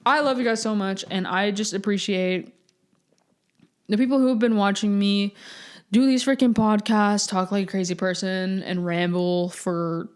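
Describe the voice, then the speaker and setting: A woman's voice: medium pitch, steady tone, normal speed, darkish tone, smooth. A young woman of eighteen hosts her own podcast alone. She talks in a loose, rambling, chatty way. She keeps poking fun at herself as she goes. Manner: rambling, chatty, self-mocking. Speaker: podcast host. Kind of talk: casual solo podcast chat.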